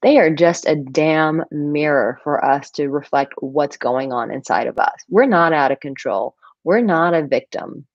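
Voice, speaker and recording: A woman with a notably low voice gives dating advice on a live stream. She reads out viewer comments and answers them directly and breezily, calling people darling. The sound is dry and a little dull. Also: expressive, a little slow, few pauses, dry recording. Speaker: dating coach.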